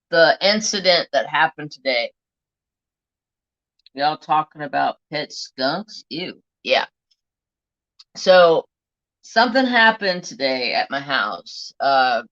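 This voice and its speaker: A woman's voice: low-pitched, a bit bright. A middle-aged woman hosting a live stream, telling a rambling, profane story in a blunt, casual way while answering chat. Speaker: livestream host. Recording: dull lo-fi stream audio.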